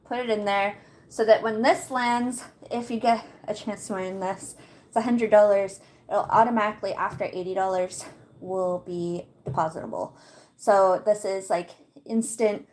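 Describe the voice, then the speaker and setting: Chatty woman hosting a casual livestream. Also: medium pitch. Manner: chatty, laughs often, talks to chat. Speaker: livestream host.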